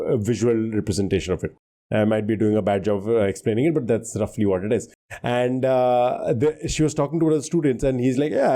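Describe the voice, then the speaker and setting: A man with a mellow, warm tone chats with his co-host on a quiz podcast. He thinks aloud through his guesses, restarts his sentences and laughs easily. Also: mid-range voice. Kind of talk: casual podcast chat.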